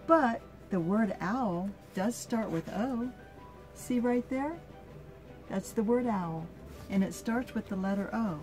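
Slow, mellow-voiced older woman reading aloud. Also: medium pitch, expressive, soft background music. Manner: slow, gentle, asks the listener questions. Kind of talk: reading a picture book aloud to a child.

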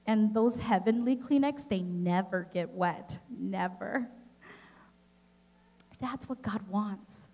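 A woman giving a children's message at a church service, telling a personal story in an expressive, gentle way to the kids and then to the families. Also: medium pitch, slow. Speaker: children's director. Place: church service, in front of a congregation.

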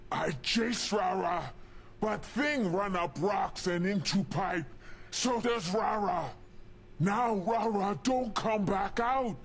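A man's voice: high-pitched, a little hiss or hum, heavily acted. An actor playing a huge, angry male super mutant who speaks in broken sentences and refers to himself in the third person. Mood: pleading, worried. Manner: broken speech, referring to self in third person, shouting bursts. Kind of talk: video game dialogue.

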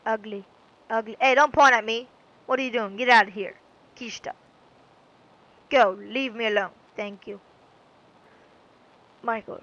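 A woman talking over her gameplay in a casual, rambling way, joking at her own expense. Her voice sits a bit high. The recording sounds dull and lo-fi. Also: steady tone, a little slow, long pauses, bright, forceful tone. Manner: rambling, goofy, self-mocking. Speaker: let's-play gamer.

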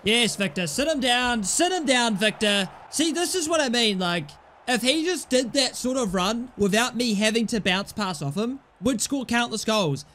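A man's voice: very high voice, lively intonation, normal speed, pushed and bright, a little hiss or hum. Frustrated young man ranting at a game. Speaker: gaming YouTuber. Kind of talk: football game commentary.

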